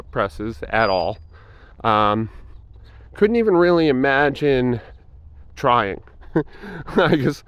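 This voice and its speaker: A tired man at an ordinary mid pitch chats loosely about his workout, wandering through fillers with a self-deprecating tone. His voice sits close and dry, with no room around it. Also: smooth, no room sound, highs cut off. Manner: rambling, self-deprecating, frequent fillers and laughs. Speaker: fitness vlogger. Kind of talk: casual reflective talk over workout footage. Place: home gym.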